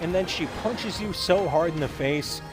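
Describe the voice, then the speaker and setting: A man hosting a gaming video, telling a rambling, absurd story in a deadpan way and acting out quoted lines in voices. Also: fairly high pitch, moderate pace, music in the background. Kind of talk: rambling comedic monologue while gaming.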